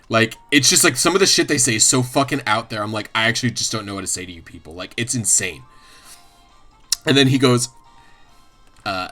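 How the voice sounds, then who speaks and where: A man's voice: mid-range voice, lively intonation, normal speed, pauses often, bright, forceful tone, faint music behind. A man streaming, chatting casually and ramblingly, swearing a lot and often laughing. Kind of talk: casual livestream chat.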